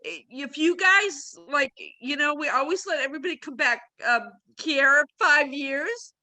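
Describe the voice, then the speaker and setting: A woman who directs a career program, giving halting, choked-up closing thanks on a video call, rambling with restarts. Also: sits high, sharp tone, poor audio.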